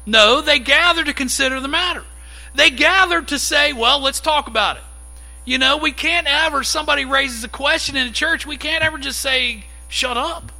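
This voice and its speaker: A man preaching a sermon in a conversational, animated way, acting out little quotes as he teaches. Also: very high-pitched, brisk, faint music behind, poor audio. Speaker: pastor.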